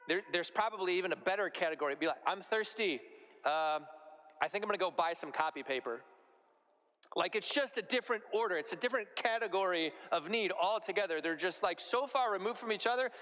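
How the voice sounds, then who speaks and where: A male priest giving a homily in a relaxed, conversational way, using everyday comparisons. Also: high-pitched. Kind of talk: sermon. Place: church. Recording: echoey church hall.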